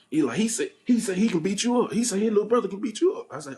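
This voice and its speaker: A man's voice: high voice, racing. A young man, host of a podcast, telling a childhood story in casual chat and acting out the voices of the people in it. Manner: animated storyteller, acts out quoted voices, laughs at himself.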